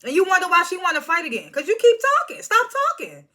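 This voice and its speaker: A chatty woman recaps reality TV in an extremely high, very animated voice that's fast, bright and forceful. She laughs often and mimics cast members in casual commentary.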